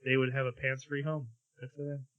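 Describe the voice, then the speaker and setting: A man's voice: mid-range voice, a little fast, narrow, tinny audio. A man co-hosting a podcast, casually recapping an episode and acting out quoted lines along the way. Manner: animated retelling with quoted lines. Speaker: podcast co-host.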